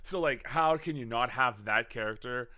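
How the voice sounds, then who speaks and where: A man's voice: medium pitch, normal speed, sharp tone. A man co-hosting a casual movie review chat, rambling with lots of fillers, self-corrections and swearing. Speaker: podcast co-host.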